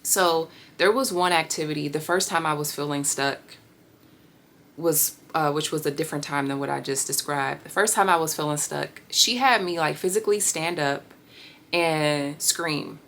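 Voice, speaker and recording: A woman in her thirties candidly telling a personal healing story, reflective and pausing often. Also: sits low, fairly bright tone. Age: 30s. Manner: reflective, with pauses and fillers. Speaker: vlogger sharing a healing story.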